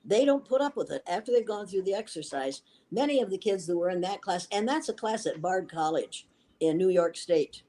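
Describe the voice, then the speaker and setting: A woman's voice: lowish voice, animated, brisk, mellow. An older woman being interviewed as an educator, telling stories in an emphatic, assured way. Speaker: guest educator. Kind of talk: interview answers.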